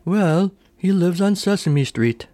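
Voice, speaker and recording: A man putting on a high, regal lady bird. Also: animated, takes it slowly, warm tone. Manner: stately, imperious. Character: regal, haughty female bird official.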